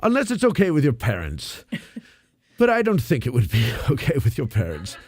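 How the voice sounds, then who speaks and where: A man's voice: medium pitch, wildly swooping pitch, moderate pace. A man voicing a rambling, out-of-breath old Santa Claus on a comedy radio show. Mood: jolly. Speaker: host.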